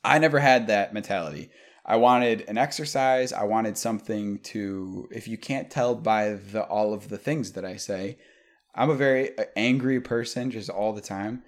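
A man's voice: lowish voice, moderate pace. A young man telling stories in a casual, profane chat with a friend. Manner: profane, animated storyteller.

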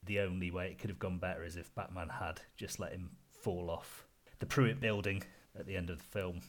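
A man's voice: low voice, fairly even intonation, a little fast. A British man hosting a podcast panel, mixing casual chat with wry scripted segments and frequent laughs. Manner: wry, laughs often, dry asides. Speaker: podcast host.

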